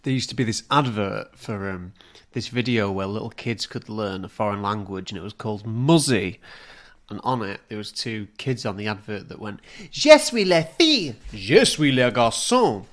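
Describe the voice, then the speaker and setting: A man co-hosting a podcast, chatting casually in a jokey, playful way. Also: on the low side. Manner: jokey, playful, quick to laugh. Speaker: podcast co-host. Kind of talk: casual comedic chat.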